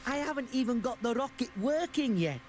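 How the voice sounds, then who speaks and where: A flustered station keeper. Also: male voice, very high-pitched, animated, brisk, faint music behind. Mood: worried. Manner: worried, flustered. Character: fretful male railway station keeper.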